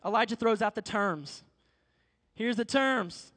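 A man preaches in a large hall, his very high voice trailing off in long reverb. He tells the story in a lively, slangy way and acts out the dialogue as he goes. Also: unhurried. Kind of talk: sermon.

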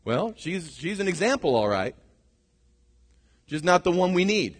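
A middle-aged male pastor preaching a sermon, swinging from shouted lines to hushed ones. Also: high voice, big pitch swings, a little slow, slightly rough. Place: church sanctuary. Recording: long reverb of a large hall.

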